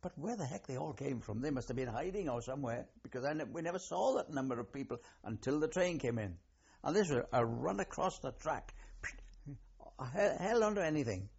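Older man, Welsh accent, husky voice, rambling halting storyteller, dull lo-fi recording. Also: mid-range voice, lively intonation, darkish tone. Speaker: interviewee, war veteran. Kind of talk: oral history reminiscence.

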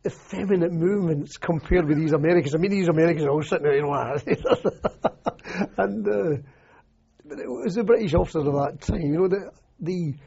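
A man's voice: a little high, normal speed, vocal fry, mellow, husky. An older Scottish man, an army veteran, recalling his service in a rambling, anecdotal oral history interview full of "you know" and restarts. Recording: muffled lo-fi recording.

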